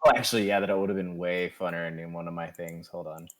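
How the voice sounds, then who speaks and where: Low-voiced male tabletop player. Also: flat delivery, fast talker, a bit bright. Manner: casual, describing his actions in first person. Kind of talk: tabletop game play.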